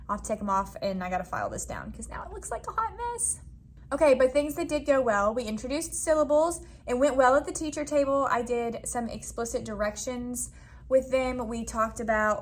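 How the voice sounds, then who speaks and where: A woman's voice: on the high side, a bit bright, a little hiss or hum. A young woman from Florida, a first grade teacher, chatting casually to camera in her classroom, laughing easily and saying "y'all" and "like" a lot. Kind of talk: casual vlog chat. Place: classroom, indoors.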